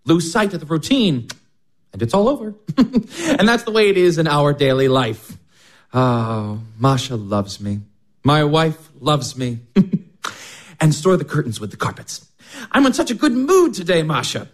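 A fussy, chuckling schoolteacher. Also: male voice, a little high, normal speed. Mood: cheerful. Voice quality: chuckling, animated. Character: fussy, doting male schoolteacher, cheerfully self-satisfied. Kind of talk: radio drama acting.

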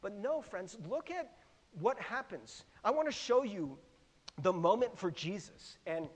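A middle-aged man preaching a sermon in a conversational, animated way, laughing often and putting questions to the congregation. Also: high-pitched, measured pace. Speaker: pastor. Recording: long hall reverb.

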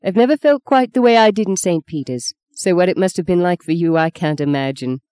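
An audiobook reader voicing a gentle, kind young priest who talks in a soft, reassuring way. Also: medium pitch, lively intonation, brisk, clean tone, no room sound, natural voice. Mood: reflective. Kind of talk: audiobook reading.

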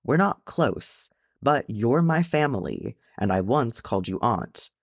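A brash, earnest young dwarf man, as a male narrator voices him, pushing his voice higher than the reader's own. He talks in an impassioned way, with a wide swing of pitch. Close, dry sound. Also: very animated, unhurried, no room sound.

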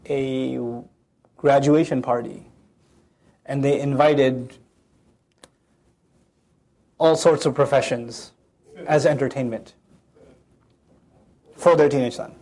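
Animated male Islamic preacher. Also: fairly high pitch. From Pakistan. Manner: storytelling lecture, acts out quoted people, recites Arabic verses fast. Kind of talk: sermon.

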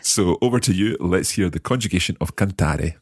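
A man's voice: low voice, brisk, breathy edge, no room sound, clean studio sound. A man hosting a language lesson podcast, patiently coaching a learner through verb drills. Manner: patient, encouraging, drills pronunciation. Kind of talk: teaching.

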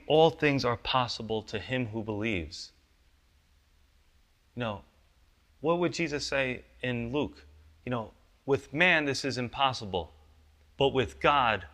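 A man's voice: mid-range voice, a bit bright. A male pastor giving a conversational sermon, often asking the congregation rhetorical questions.

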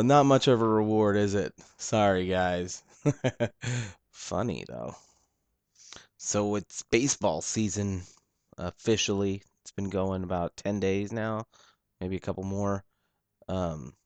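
A man's voice: deep voice, a little mellow, dry recording. A young man hosting a solo podcast, chatting in a rambling, laid-back and profane way. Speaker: podcast host. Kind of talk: casual solo podcast chat.

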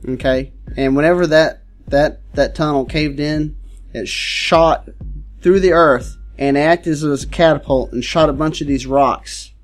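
A man co-hosting a comedic podcast, telling crude, absurd made-up stories with a deadpan delivery. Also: a little high, unhurried, soft background music. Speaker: podcast co-host.

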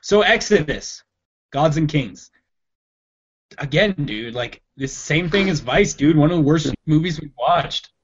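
Podcast co-host, male, high and casual, says "dude" constantly, dull lo-fi recording. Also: lively intonation, a little slow, slightly rough. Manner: laid-back, swears, says dude a lot. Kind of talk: casual chat.

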